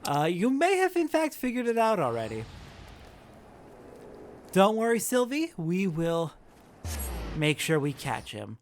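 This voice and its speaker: Relaxed male let's play host, offhand and jokey, animated pitch. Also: measured pace, long pauses, slight background noise. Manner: laid-back, offhand, jokey. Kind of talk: casual gameplay commentary.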